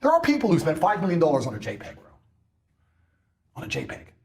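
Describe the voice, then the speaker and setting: A man ranting on a podcast in a boastful, mocking way, mimicking people in loud bursts. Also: fairly high pitch, huge pitch swings, fast talker. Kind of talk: animated podcast rant.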